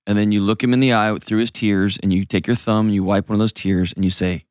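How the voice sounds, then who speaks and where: A man's voice: on the low side, flat delivery, fast talker, clear, resonant tone, dry recording, clean studio sound. A man hosting an advice show, explaining casually to a caller with acted-out examples and frequent "right?" checks.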